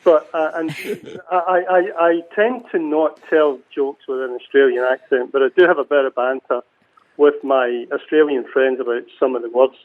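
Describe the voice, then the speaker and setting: A man's voice: medium pitch, moderate pace. A Scottish man, a cemetery chief, chatting as a guest on a radio call with frequent restarts. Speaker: cemetery CEO, phone guest. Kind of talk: casual radio interview. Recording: phone line.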